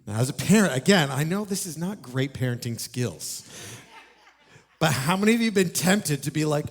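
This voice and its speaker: Guy preaching in church, animated storyteller, keeps asking the crowd stuff. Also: on the high side, moderate pace. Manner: animated storyteller, asks the congregation questions. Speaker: pastor. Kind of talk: sermon. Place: church auditorium.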